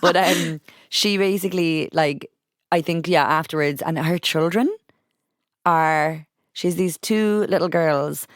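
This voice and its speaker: A woman hosting a podcast, chatting casually and animatedly with plenty of fillers. Her voice is smooth and resonant, recorded dry and close. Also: low-pitched, slow pace, no room sound. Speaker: podcast host. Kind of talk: casual chat.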